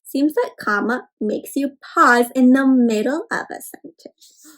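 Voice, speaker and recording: A woman's voice: sits high, animated, measured pace, low-quality recording. A woman giving an interactive read-aloud for children, gasping and talking straight to her young listeners. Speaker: storyteller.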